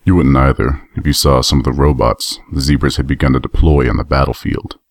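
A battle-worn armored stallion veteran, played by a man, with a voice sunk very low and flat-footed weariness in every line. He speaks matter-of-factly, and the recording is bone-dry and close, with no room around it. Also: fairly quick, no room sound. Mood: grim, reminiscing. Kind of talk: audio drama acting.

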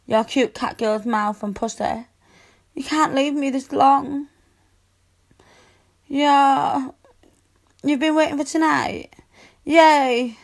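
A woman's voice: on the high side, creaky. A woman voicing a needy, pouty young adult cat girl in an adult audio role-play, whining and pleading, with meows mixed in. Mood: teasing. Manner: whiny and pleading, sprinkled with meows.

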